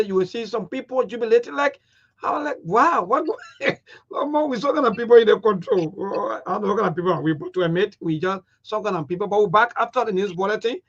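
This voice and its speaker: A man hosting a casual studio talk show, animated and laughing, stumbling into quick restarts. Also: sits high. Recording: dull lo-fi broadcast audio.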